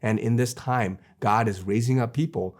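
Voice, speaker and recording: A man's voice: medium pitch, moderate pace, darkish tone. A man giving an earnest Christian video sermon, repeating phrases and restarting sentences as he presses his point. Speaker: Christian preacher. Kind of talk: preachy video monologue.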